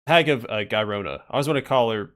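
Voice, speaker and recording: A man's voice: medium pitch, fast talker, fairly bright tone. A man streaming a role-playing game, thinking aloud in casual commentary as he plays. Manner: musing, thinking aloud with fillers.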